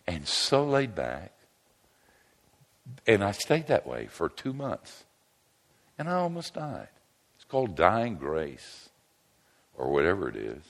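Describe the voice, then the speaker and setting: With a deep voice and vocal fry, an older man gives a humorous sermon, telling stories with animation and trading jokes with the crowd, all echoing in a long hall reverb.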